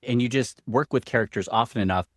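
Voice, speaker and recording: A man's voice: mid-range voice, fast, no room sound, clean studio sound. A man hosting an interview podcast, talking in an upbeat, complimentary way. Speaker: podcast host. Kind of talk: casual interview chat.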